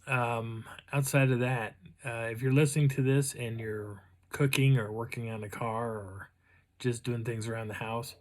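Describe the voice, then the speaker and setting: A man's voice: medium pitch, fairly even intonation, moderate pace, a little mellow. A man hosting his own channel, telling a casual story to the camera in a rambling way, with frequent restarts and fillers. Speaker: channel host.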